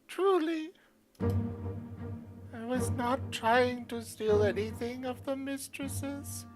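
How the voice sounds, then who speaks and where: A frightened, lonely servant begging to be heard, as a woman puts the voice on. The voice sits up high and trembles with every plea, and the words come slowly, like a fantasy game figure read aloud by a streamer. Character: timid, pleading captive servant, lonely and frightened. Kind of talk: reading game dialogue aloud.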